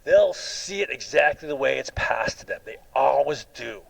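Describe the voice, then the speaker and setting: A man's voice: mid-range voice, lively intonation, normal speed, gravelly, rough recording. A man giving a rambling personal monologue in an aggrieved tone, restarting often and asking "right?" after many sentences. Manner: repetitive with frequent restarts. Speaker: video blogger.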